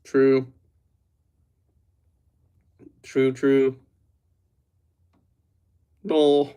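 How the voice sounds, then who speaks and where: A man's voice: medium pitch, completely flat delivery, extremely slow, mellow, clear, resonant tone. A young man livestreaming, rambling and joking as he talks straight to his chat. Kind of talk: casual livestream chat with viewers.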